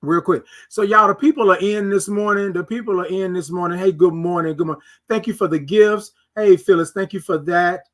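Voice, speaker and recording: This morning livestream host, a middle-aged man, speaks briskly in a high-pitched, fairly bright voice with hardly any pauses. In casual chat he reads viewer comments aloud and prolongs his greetings in a preacher-like, repetitive way.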